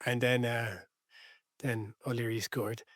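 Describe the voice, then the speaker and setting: Irish man, podcast co-host, wry, hesitant, casual chat, medium pitch, dry recording. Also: little pitch movement, slow pace, fairly bright tone, dry recording.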